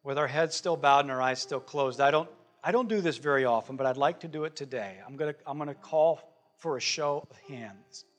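Male pastor, slightly higher voice, earnest conversational sermon delivery, slows down on key words. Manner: earnest, conversational preaching with slow, drawn-out emphasis. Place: church sanctuary.

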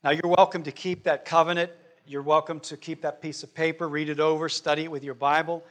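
Male pastor, slightly higher voice, earnest conversational sermon delivery, slows down on key words. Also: level tone. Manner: earnest, conversational preaching with slow, drawn-out emphasis. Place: church sanctuary.

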